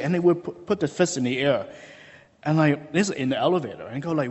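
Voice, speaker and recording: A man's voice: mid-range voice, expressive, brisk, husky. A man, a hospital chaplain, preaching a conversational sermon in a church and telling a story with lots of fillers. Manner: chatty and storytelling, many fillers, acts out dialogue. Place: church sanctuary. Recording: long church reverb.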